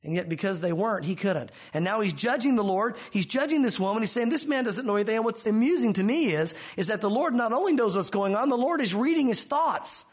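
A man preaching with a high voice for a man, earnest and emphatic. He is middle-aged and pushes harder on the lines he quotes from the text. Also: animated, fast talker, few pauses, husky. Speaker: pastor. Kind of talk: sermon.

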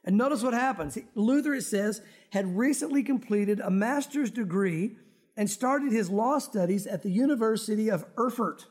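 Pastor guy with a really high voice preaching to his church, chatty, cracks little jokes. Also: brisk. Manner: conversational, joking asides to the congregation. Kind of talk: sermon. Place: church sanctuary.

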